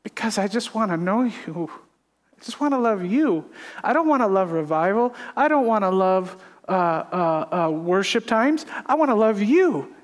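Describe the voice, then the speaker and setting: A middle-aged pastor preaching a confessional sermon from a church stage. His voice sits high for a man, and he talks in an earnest, emphatic way. Long reverb fills the sanctuary around him. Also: animated, normal speed. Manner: earnest, emphatic, laughs at himself. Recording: echoey hall reverb.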